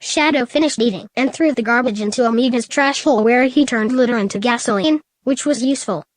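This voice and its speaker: A woman reading a fan story aloud in a flat, matter-of-fact way. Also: fairly high pitch, a little fast, no room sound. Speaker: narrator.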